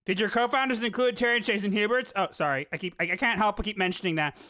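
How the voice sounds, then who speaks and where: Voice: mid-range voice, quick pace, sharp tone, no echo. A host of a commentary show, talking sarcastically and mockingly to the audience. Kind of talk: comedic commentary.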